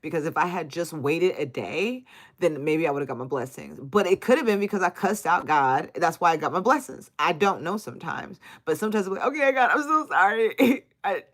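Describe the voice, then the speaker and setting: A woman's voice: deep voice, brisk. A woman giving live tarot readings, talking casually and affectionately to viewers, reading their names and answering their comments. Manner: casual, affectionate, uses slang and cussing. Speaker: tarot reader.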